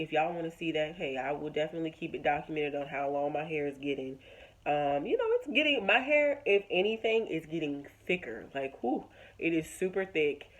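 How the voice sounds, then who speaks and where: A woman's voice: low-pitched, dull audio. A young woman, talking straight to her viewers in a heartfelt, encouraging personal vlog. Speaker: vlogger.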